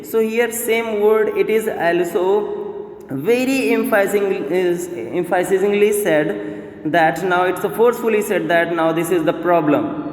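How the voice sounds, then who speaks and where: Slow, high-voiced teacher. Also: male voice. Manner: explains slowly, repeats words, many fillers. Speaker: English teacher. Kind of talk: grammar lesson. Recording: echoey room with long reverb.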